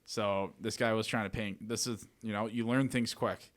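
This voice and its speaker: A man talking as a podcast guest, telling lively anecdotes in a casual way and acting out what everyone said. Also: fairly low pitch, normal speed. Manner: animated, retells scenes with "I'm like". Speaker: podcast guest, real estate wholesaler. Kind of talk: casual storytelling.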